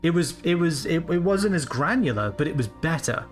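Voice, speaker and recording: A man in his late twenties streams a game and gives rambling, casual live commentary, swearing freely. His voice is on the high side and expressive, at a moderate pace, with faint music in the background.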